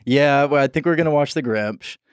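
A man's voice: mid-range voice, brisk, clean tone, dry recording, studio quality. A man on a podcast as a guest, chatting casually and goofily, laughing at his own jokes. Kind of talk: casual chat.

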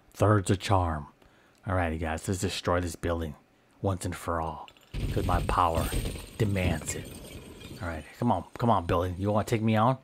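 A man with a somewhat low voice gives silly, in-character commentary over a video game. He boasts in a playful, mock-tough way and lets out exaggerated, melodramatic groans whenever his character gets hurt. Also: noisy background. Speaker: gameplay commentator.

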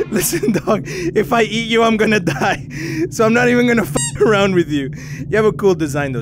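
A young man with a Mexican accent commenting on a horror game, joking and swearing, breaking into panicked yelling and Spanish. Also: high-pitched, sing-song, normal speed, over music. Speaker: gaming YouTuber.

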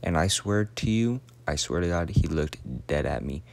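A man's voice: deep voice, expressive, normal speed, vocal fry, darkish tone. A young man in his late teens telling a rambling, profane story in a casual, slangy way, sometimes dropping to a whisper.

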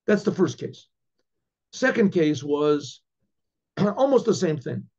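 A rabbi tells a story, rambling along with restarts and throat clearing. His voice is gravelly and husky, fairly high for a man. The recording sounds dull and lo-fi. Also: very animated, takes it slowly, darkish tone. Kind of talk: storytelling lecture.

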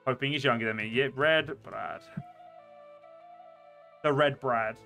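A man streaming a game, chatting casually and swearing often, with sudden loud outbursts. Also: medium pitch, measured pace, faint music behind. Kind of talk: casual gameplay commentary. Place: home, seated at a desk.

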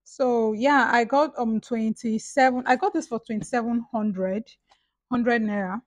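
A woman's voice: on the high side, measured pace, no room sound, low-quality recording. A young woman with a Nigerian accent, chatting casually and gushing over her purchases in an unboxing vlog. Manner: gushing, excitable. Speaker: vlogger.

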